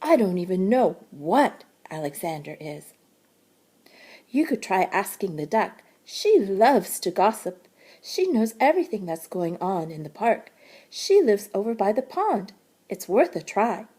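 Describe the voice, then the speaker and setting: A friendly storybook butterfly, voiced by a woman offers tips in a soft, airy tone. Her pitch dances up and down. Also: big pitch swings, unhurried, slightly rough. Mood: helpful. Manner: friendly, helpful advice-giving. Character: helpful, chatty female butterfly.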